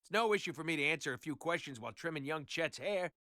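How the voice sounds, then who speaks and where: A boastful showy barber. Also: male voice, on the high side, expressive, quick pace, bright, forceful tone, dry recording, clean studio sound. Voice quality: theatrical, self-assured. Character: boastful chatty male barber, middle-aged. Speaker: barber in a detective game.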